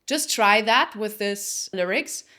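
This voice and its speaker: A woman vocal coach talks through a singing lesson in a bright, ringing voice. Her pitch moves a lot as she explains. She breaks into loud, high belted phrases to demonstrate. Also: animated, slow pace.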